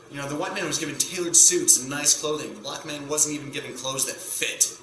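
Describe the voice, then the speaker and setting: A man's voice: fairly high pitch, steady tone, fast talker, few pauses. A man doing a stand-up routine to camera in front of a green screen, with a rambling, self-interrupting, provocative delivery. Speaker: stand-up comedian. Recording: echoey room with faint hum.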